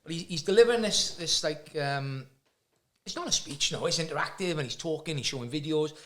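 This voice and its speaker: A Welsh man hosting a podcast, telling stories in casual chat with lively swearing. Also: fairly high pitch, brisk, roomy sound. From Wales. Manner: animated storytelling, swearing freely. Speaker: podcast host.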